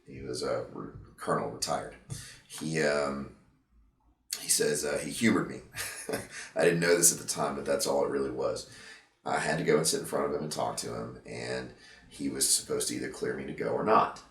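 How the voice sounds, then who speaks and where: A man being interviewed about his past, talking in a halting, reflective way with many fillers and restarts, emotional at times. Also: a bass voice, fairly even intonation, a bit bright, roomy sound, distant mic. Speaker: interview guest, veteran and gym owner. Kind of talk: candid interview conversation.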